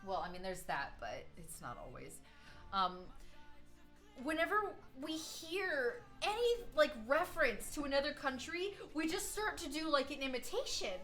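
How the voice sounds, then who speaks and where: An American woman chatting casually on a live stream, telling rambling, animated stories. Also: high voice, normal speed, faint music behind. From United States. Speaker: streaming artist.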